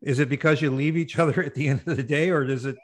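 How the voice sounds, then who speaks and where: Halting male interview host. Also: on the high side, fairly even intonation. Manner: halting, many fillers and restarts. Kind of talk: casual interview.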